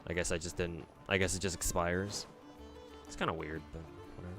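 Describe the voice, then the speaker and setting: Man, very low pitch, blunt, swears a lot, drawls with many fillers, casual stream chat. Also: fairly even intonation, a little fast, over music. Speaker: gacha game streamer. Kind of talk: casual live-stream chat reading viewer comments.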